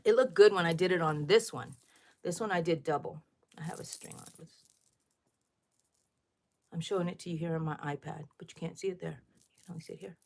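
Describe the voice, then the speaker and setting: Loud, chatty woman crocheting live. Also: lowish voice, a little fast, gravelly, long pauses. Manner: chatty, thinks aloud, asks viewers questions. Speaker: livestream host. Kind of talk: casual crochet livestream chat.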